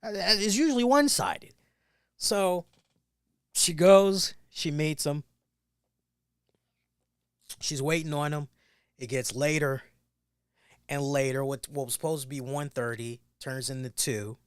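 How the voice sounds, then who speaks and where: A man hosting a wrestling review show, telling a story in an animated way and acting out the people in it with loud bursts. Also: fairly high pitch, unhurried, pauses often, smooth, no echo, studio quality. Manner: emphatic, acts out quoted voices with loud bursts.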